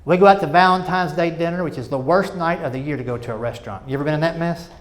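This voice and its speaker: A middle-aged man doing stand-up storytelling on stage, animated and self-mocking, with chatty asides to the audience. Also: on the high side, quick pace. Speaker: stand-up comedian. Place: stage before a live audience.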